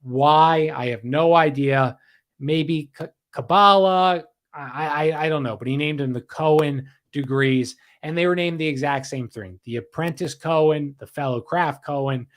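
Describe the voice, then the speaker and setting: A man's voice: on the high side, moderate pace. A man hosting a casual livestream history podcast, rambling, repeating himself and reading out viewer comments. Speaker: podcast host.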